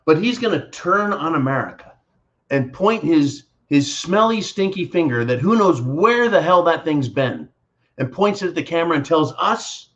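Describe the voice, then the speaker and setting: A man's voice: on the high side, lively intonation, normal speed, a bit bright, highs cut off. A man hosting his own show, answering viewer comments in a profane, sarcastic political rant, mocking others with put-on voices. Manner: sarcastic, swearing, mocking voices when quoting.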